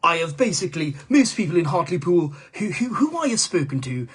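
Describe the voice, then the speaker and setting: A man's voice: fairly high pitch, big pitch swings, fairly quick, breathy edge, full character voice. A male comedian doing a comic impression of a rambling, foul-mouthed male politician in a live-stream monologue, stammering and swearing as he goes.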